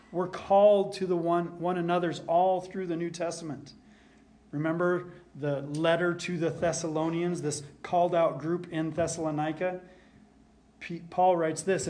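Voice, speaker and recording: A man preaching a sermon as pastor, earnest, repeating key lines for emphasis and dropping to a soft hush at times. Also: a little high.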